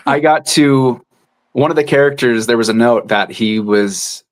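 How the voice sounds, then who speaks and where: A man who narrates audiobooks, chatting casually in an interview and sometimes dropping into quick character voices. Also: mid-range voice.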